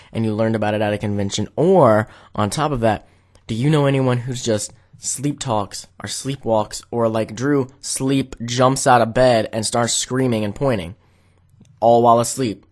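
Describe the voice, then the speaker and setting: Young man telling a rambling story. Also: medium pitch. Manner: rambling, many "like" fillers. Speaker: vlogger. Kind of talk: casual storytelling to camera.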